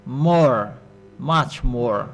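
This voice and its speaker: A man preaching a sermon in a halting, repetitive, scolding way. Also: mid-range voice, lively intonation, faint music behind.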